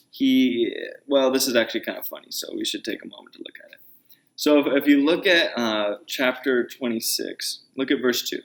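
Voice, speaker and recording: A man's voice: mid-range voice, gravelly. A man preaching a conversational sermon, explaining scripture and paraphrasing characters in his own words. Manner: conversational Bible teaching, paraphrasing in a lively voice. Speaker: pastor.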